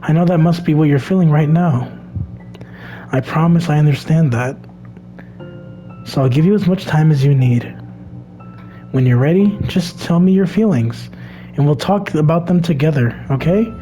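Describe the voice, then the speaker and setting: A man's voice: a little high, normal speed, pauses often, dark tone, faint music behind, close to an everyday voice, low-quality recording. A man voicing a cheerful, eager teenage girl from a game, speaking in a bubbly, pleading way. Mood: soothing.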